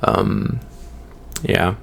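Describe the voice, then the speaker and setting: A man's voice: drawn-out words, fairly bright tone. A man co-hosting a podcast, talking casually about card game decks in a laid-back, agreeable way, thinking aloud as he goes. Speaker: podcast co-host.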